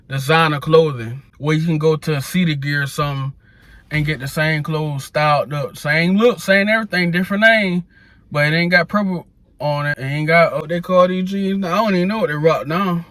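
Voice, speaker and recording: Brief: man, slightly high voice, dry close sound, profane preachy rant to camera. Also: bright, forceful tone, no room sound. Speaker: social media commentator.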